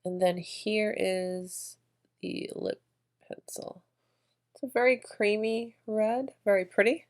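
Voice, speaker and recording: A woman's voice: mid-range voice, slow pace. A woman vlogger narrating her makeup routine in a chatty, effusive way, gushing over products. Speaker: beauty vlogger.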